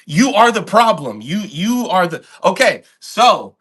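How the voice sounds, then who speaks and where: A man's voice: sits high, very animated, a little slow, a bit bright, slightly rough. A man co-hosting a casual podcast who tells a story and acts out both sides of the talk. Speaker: podcast co-host.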